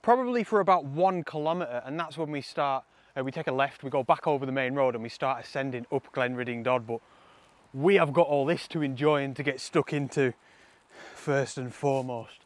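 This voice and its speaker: A man's voice: mid-range voice, fairly quick, dry recording. A young man, vlogging casually and enthusiastically outdoors by a lake, laughing often. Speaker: landscape photography vlogger. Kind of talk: casual vlog to camera.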